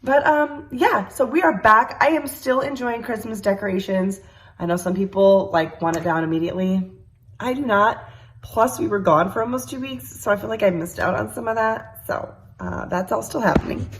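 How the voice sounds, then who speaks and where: A woman in her thirties from New York chats casually while cooking in her home kitchen, a cooking vlogger who rambles with plenty of fillers. Her voice is mid-range and slightly nasal, a bit congested, at a moderate pace.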